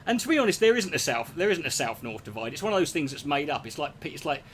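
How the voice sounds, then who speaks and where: Man, rambling profane rant, lively pitch, a bit high. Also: quick pace, a little hiss or hum. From England. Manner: rambling, sweary, sarcastic. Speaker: streamer answering chat.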